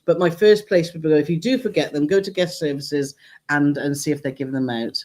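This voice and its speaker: A woman's voice: deep voice, fairly quick, warm tone. Chatty woman with tag questions. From England near the Welsh border. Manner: chatty, rambling, tag questions to her partner. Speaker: co-host of a travel channel live stream. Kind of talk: casual live-stream chat.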